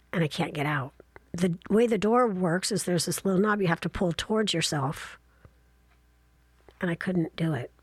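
Woman, 60s, husky breathy voice, dry close sound, chatty self-mocking storyteller. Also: lowish voice, dry recording. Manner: chatty, self-deprecating, animated asides. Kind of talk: casual travel storytelling.

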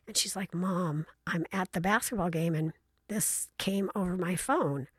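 A woman's voice: lowish voice, measured pace, slightly rough, dry recording. Middle-aged woman, blunt and chatty storyteller, acts out voices, dry close sound. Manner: frank, chatty and playfully blunt; acts out voices in her anecdotes. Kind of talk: casual storytelling monologue.

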